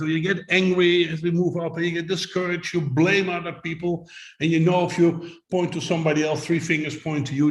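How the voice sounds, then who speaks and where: A man's voice: fairly high pitch, roomy sound, low-quality recording. A man giving a motivational talk to a video call audience, explaining with simple images and rhetorical questions. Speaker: summit speaker.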